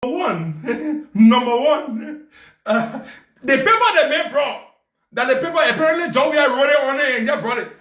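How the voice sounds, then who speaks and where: Laughing high-voiced Liberian man, echoey room. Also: normal speed. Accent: Liberian English. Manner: laughing, mocking, animated. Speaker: political commentator. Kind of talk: storytelling commentary. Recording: echoey room, far from mic.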